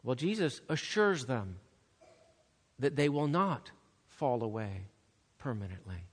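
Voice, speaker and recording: Mężczyzna, kaznodzieja, pogłos dużej sali. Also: male voice, medium pitch, very animated, slow, breathy edge. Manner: emphatic, swings from loud urgency to hushed softness. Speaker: pastor. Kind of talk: sermon. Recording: long reverb of a large hall.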